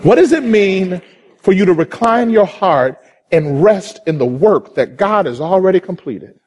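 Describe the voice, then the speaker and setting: A man preaching a sermon in a California church, passionate and repetitive, swinging between rapid bursts and slow, drawn-out phrases. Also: sits high, animated, darkish tone, slight background noise. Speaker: pastor.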